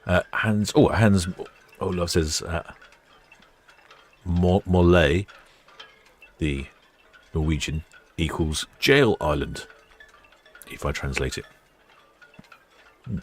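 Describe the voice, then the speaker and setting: A man's voice: low voice, takes it slowly, pauses often. A man hosting a live stream, chatting casually, reading out viewer comments and poking fun at himself. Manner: chatty, self-mocking, thinks aloud.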